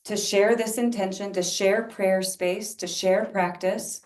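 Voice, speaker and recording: A woman leading a spiritual service, guiding a chant-based practice in a slow, gentle way. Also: mid-range voice, steady tone. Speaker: service leader. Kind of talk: guided spiritual practice talk. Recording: roomy sound from a distance.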